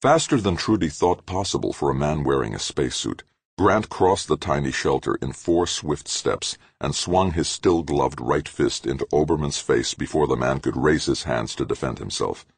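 A male audiobook narrator with a very deep, gravelly voice and a husky rasp. He reads with lively, animated pitch and dramatic drive. The sound is dry and close. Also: normal speed, no room sound. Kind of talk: scripted narration.

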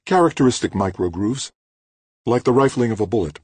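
A man's voice: mid-range voice, animated, brisk, darkish tone, breathy edge, no echo, voice pushed up. A man voicing a serious, businesslike woman scientist in an audiobook, curt and focused. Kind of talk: audiobook character voice.

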